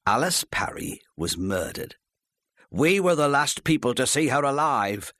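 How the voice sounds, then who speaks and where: Brief: male reader as a hot-tempered husband, loud and curt, pitched up and jumpy, dry studio sound. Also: big pitch swings, moderate pace, no echo. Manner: curt, shouting, defensive. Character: volatile, bad-tempered businessman husband. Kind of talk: audiobook character voice.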